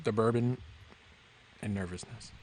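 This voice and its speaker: A man co-hosting a live stream, chatting in a laid-back, slightly hesitant way with quiet asides. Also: fairly low pitch, steady tone, measured pace, low-quality recording. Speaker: co-host. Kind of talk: casual live-stream chat.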